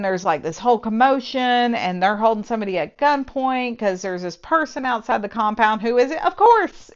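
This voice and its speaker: A woman talks through a novel's plot in a casual review, her tone sarcastic and exasperated. Her voice sits at an ordinary middle pitch, and the recording is slightly dull and muffled. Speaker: book reviewer. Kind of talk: casual spoken book review.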